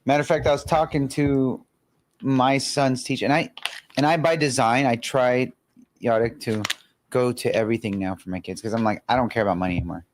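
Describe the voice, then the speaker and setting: A man's voice: medium pitch, fairly even intonation, moderate pace, slight background noise. A man hosting a casual conversation, chatty and agreeing. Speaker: podcast host.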